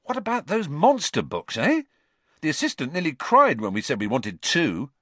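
A man voicing a cheeky, joking teenage boy who talks in quick, teasing, excitable bursts. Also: fairly high pitch, dry recording, pitched above the performer's own voice, exaggerated voice.

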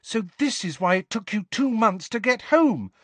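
A man voicing an anxious, clever teenage girl witch who turns shrill and tearful, in an audiobook. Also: lively intonation, normal speed, a bit bright, no echo. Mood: shrill, upset. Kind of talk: audiobook character voice.

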